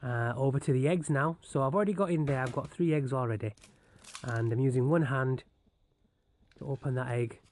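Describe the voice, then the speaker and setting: A man's voice: medium pitch, fairly quick, darkish tone. Jokey man narrating his cooking. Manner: jokey, self-mocking running commentary. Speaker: home cook vlogger. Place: home kitchen. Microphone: handheld camera.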